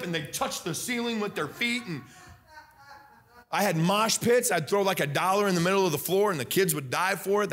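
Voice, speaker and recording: A young man preaching a sermon as pastor, loud and animated, breaking into sing-song emphasis. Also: high voice. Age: young adult.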